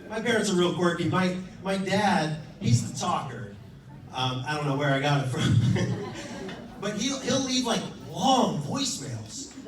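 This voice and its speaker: A man's voice: sits high, lively intonation, unhurried. A man in his thirties performing a stand-up set, telling profane, exasperated stories about his family and acting out what they say. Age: 30s. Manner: profane, exasperated storytelling with acted-out quotes. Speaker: stand-up comedian. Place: comedy club stage with a laughing audience. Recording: echoey room, mic heard from a distance, crowd laughter.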